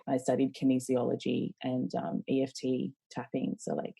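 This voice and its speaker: A woman's voice: extremely low pitch, monotone, moderate pace, gravelly, dark tone, breathy edge, no room sound. A woman from Australia with an Australian accent, a guest coach answering interview questions thoughtfully, with many fillers.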